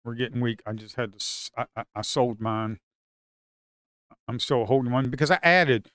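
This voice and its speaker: A man, commenting live on his own futures trades. He swings from shouting at the market to muttering to himself. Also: medium pitch, normal speed, dry recording, studio quality. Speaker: live trading streamer.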